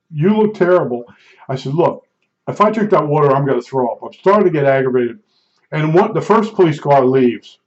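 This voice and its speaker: A middle-aged man telling a rambling personal anecdote, excitable, restarting sentences and acting out the dialogue. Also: on the high side. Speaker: storyteller recounting an incident. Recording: dull lo-fi recording.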